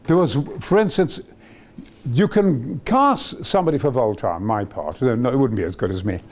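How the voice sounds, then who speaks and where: Excitable older man, animated. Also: medium pitch, moderate pace. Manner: enthusiastic, excitable, many fillers and restarts. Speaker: actor being interviewed. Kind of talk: rambling anecdotal reminiscence.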